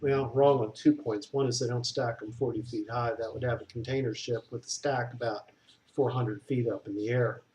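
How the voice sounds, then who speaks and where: A man's voice: mid-range voice, fairly even intonation, normal speed, a little mellow, slight background noise. Blunt man, structural engineer type, rambling and opinionated. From Southern US. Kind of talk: casual explanatory monologue.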